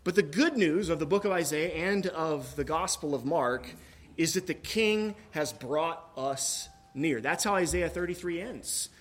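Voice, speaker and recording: A man preaching a sermon in a church, reading scripture and then talking in a relaxed, conversational way with joking asides and a few fillers. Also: a little high, a little slow. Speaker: pastor.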